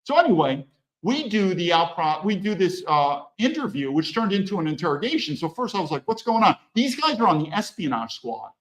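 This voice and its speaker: Male podcast guest with a high, animated delivery and a blunt, profane edge. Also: a little fast, rough recording. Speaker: podcast guest, former federal agent. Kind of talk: animated conversational storytelling.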